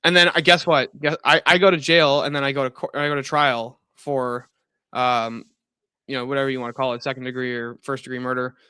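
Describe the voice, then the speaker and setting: A man's voice: medium pitch, steady tone, fairly quick, sharp tone, clean tone, no echo, studio quality. A young man in a heated casual debate, brash and swearing, rambling with restarts.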